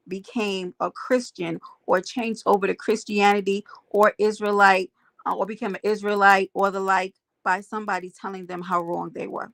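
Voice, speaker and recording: A woman's voice: medium pitch, flat delivery, normal speed, vocal fry, dry recording. A woman hosting a casual livestream, greeting viewers by name and making emphatic points to her chat. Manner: emphatic, preachy asides. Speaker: livestream host.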